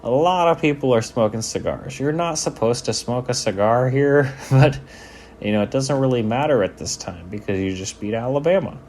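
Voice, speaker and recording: A man's voice: medium pitch, animated, moderate pace, a little mellow, a little hiss or hum. A man giving casual, joking commentary over game footage, laid-back and swearing freely. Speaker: sports video commentator.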